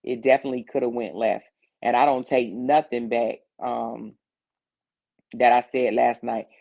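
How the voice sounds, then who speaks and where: Gravelly-voiced woman hosting a livestream. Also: a bass voice, steady tone, normal speed, mellow. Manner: greets viewers one by one by name; earnest and repetitive when explaining. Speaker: livestream host. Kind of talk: casual livestream chat.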